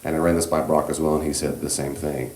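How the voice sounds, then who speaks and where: A man with an extremely deep voice leads a church class on grief, gentle and reassuring in tone. He talks conversationally with many asides into a handheld mic. The room echoes, and a faint hiss sits underneath. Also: level tone, fast talker. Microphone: handheld microphone.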